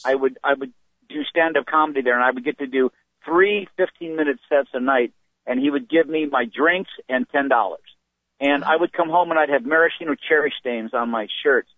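Middle-aged male stand-up comedian, lively storyteller, acts out quotes; tinny phone-quality audio. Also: on the high side, normal speed. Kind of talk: storytelling in an interview. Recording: phone-like dry sound.

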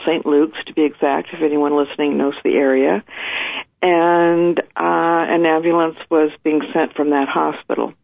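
A woman's voice: deep voice, gravelly. A woman guest with her early morning voice, telling her story in a chatty, detailed way full of fillers. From United States. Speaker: interview guest. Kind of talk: recounting a personal story. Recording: tinny phone line.

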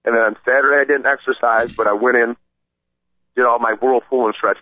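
Excited rambling man on a tinny line. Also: medium pitch, fairly quick, no room sound. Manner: excited, rambling, stammering retelling. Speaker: podcast regular telling a story. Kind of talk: casual storytelling. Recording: tinny phone-like sound.

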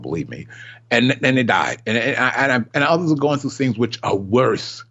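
An older man preaches an impassioned sermon in a mid-pitched voice, emphatic and repeating himself for effect. He acts out the voices he quotes. The recording is dull and lo-fi. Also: a bit bright.

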